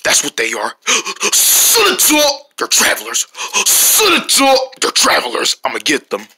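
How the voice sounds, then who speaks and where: A woman voicing a grumpy, territorial male bear in a toy play video, growling and yelling threats with a husky voice. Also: low-pitched, wildly swooping pitch, a little slow, pitched below the performer's own voice, exaggerated voice.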